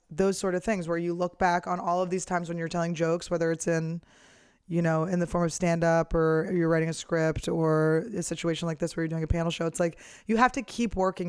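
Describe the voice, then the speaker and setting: A woman's voice: fairly low pitch, clear, resonant tone, no echo, studio quality. A woman comedian in her thirties telling a story in a casual, blunt, profane rant. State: hiccuping and burping. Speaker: comedian and host.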